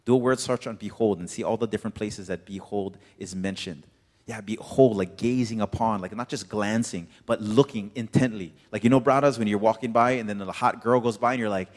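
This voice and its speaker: Male pastor, lowish voice, casual rambling preaching, echoing hall. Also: normal speed. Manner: laid-back, chatty, full of "like". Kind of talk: casual sermon. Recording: reverberant hall.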